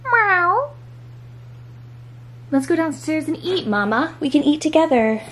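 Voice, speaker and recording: A woman's voice: high-pitched, sing-song, a little slow, a bit bright, slight background noise, voice pushed up, full character voice. A young woman talking to her cat in a cooing, sing-song baby voice. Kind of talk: baby talk to a pet cat.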